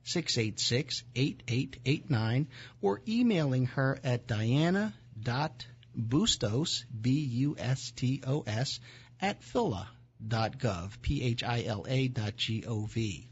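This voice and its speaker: A man hosting a talk show, talking casually and halting often with fillers and restarts. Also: medium pitch, animated, slightly rough, highs cut off.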